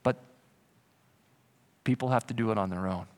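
A man preaching a sermon as pastor, lively, slipping into comic voices for imagined people. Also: lowish voice, normal speed. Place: church.

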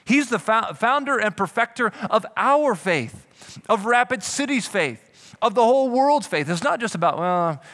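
Animated preaching pastor, higher voice. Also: male voice, moderate pace. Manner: animated preaching with comic voices for imagined people. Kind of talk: sermon. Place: church.

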